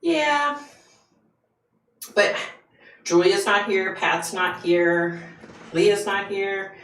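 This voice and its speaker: A woman's voice: mid-range voice, level tone, takes it slowly, a bit bright, echoey room, a little hiss or hum, poor audio. A woman hosting a casual livestream from the United States, chatting with viewers and greeting them by name, with lots of fillers. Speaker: livestream host.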